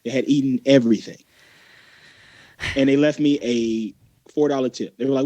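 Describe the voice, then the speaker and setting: A man telling a story in a casual podcast chat, animated and mimicking the people in it. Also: mid-range voice, normal speed, no echo, dull audio.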